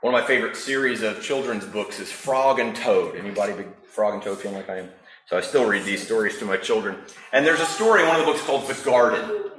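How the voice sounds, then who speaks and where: A man preaching a sermon as a pastor in a relaxed, conversational storytelling manner. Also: lowish voice, fast talker, echoey room, slight background noise, low-quality recording.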